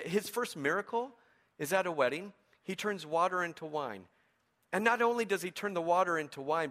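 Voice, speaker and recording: Animated, humorous male preacher. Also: on the high side. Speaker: pastor. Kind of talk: sermon.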